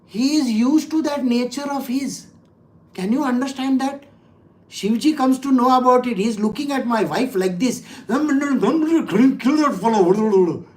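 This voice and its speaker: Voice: sits high, normal speed. A spiritual teacher, giving a conversational scripture talk full of stories and rhetorical questions to the listeners. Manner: laughs while telling anecdotes.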